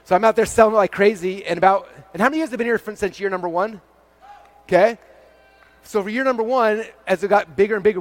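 A man with a slightly high voice tells stories on stage at a keynote for a live audience. He races along, acting out every exchange with "I'm like" and "he's like" and padding it with fillers. He sounds like a storyteller swept up in his own story. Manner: acts out dialogue with "I'm like" and "he's like", lots of fillers. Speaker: keynote speaker at his company's event.

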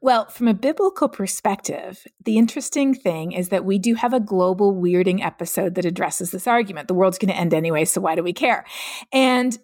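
A woman's voice: mid-range voice, brisk, darkish tone, dry recording. Middle-aged woman guest, earnest explainer, dry close sound. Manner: earnest, explanatory, laughs easily. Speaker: climate scientist guest. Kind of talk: podcast interview.

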